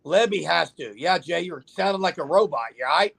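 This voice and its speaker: A man hosting a laid-back sports livestream has a fairly high, fairly bright, husky voice with vocal fry, moving briskly with lively intonation. He speaks directly to viewers, chatting and joking with callers and reading comments out.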